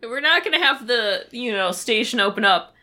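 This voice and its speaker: A woman co-hosting a casual recap chat, animated and blunt, swearing freely. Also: on the high side, moderate pace. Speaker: podcast co-host.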